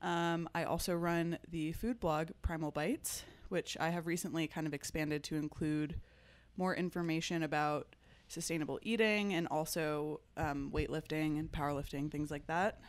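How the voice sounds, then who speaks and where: A woman's voice: low-pitched, steady tone, normal speed, no room sound. A woman in her twenties from Atlanta, a podcast guest talking casually in an easygoing, hesitant way. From Atlanta, Georgia. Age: 20s. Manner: easygoing, hesitant with many ums.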